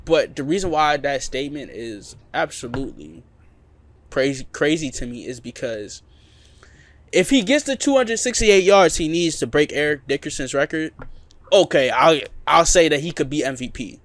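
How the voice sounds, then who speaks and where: A man's voice: fairly high pitch, expressive, normal speed, no room sound. Emphatic man arguing sports picks. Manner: emphatic, repeats points for emphasis. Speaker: podcast co-host. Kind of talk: casual sports debate.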